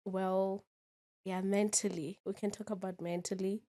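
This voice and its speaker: With a medium-pitched, dark-toned voice and a flat, unhurried delivery, a twenty-something woman guests on a podcast. The interview is casual, and she's candid, repeatedly asking the listener "you understand?"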